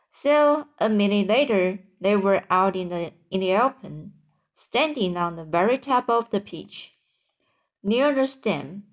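A woman reads a children's book aloud at a very slow pace. She halts often and restarts words as she goes. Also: medium pitch. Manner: halting, with frequent restarts. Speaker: narrator.

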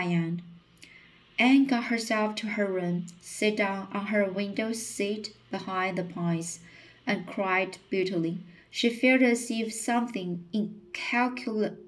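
A woman narrating an audiobook slowly, with occasional slips and restarts. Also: mid-range voice, poor audio. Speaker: audiobook reader.

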